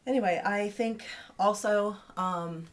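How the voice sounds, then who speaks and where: A woman's voice: mid-range voice, takes it slowly. A woman in her thirties hosting a casual video newsletter for her fans, chatty and playful with teasing asides.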